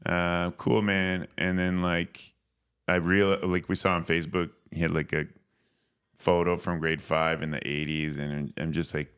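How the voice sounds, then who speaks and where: Very deep-voiced laid-back man. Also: flat delivery, moderate pace, fairly bright tone, clear, resonant tone. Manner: laid-back, laughs while telling stories. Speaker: comedian and filmmaker guest. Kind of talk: casual podcast storytelling.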